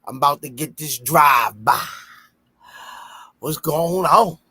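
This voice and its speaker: A man with a Baltimore accent hosting a casual podcast and reading sponsor shout-outs, loud and playful, breaking into high shouts when he jokes. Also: slow pace, breathy edge, no echo. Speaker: podcast host.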